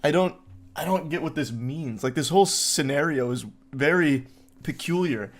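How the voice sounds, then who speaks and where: A man's voice: a little high, normal speed. A man hosting a comedic commentary video, reading forum posts aloud and riffing on them in a sarcastic, incredulous way with plenty of filler words.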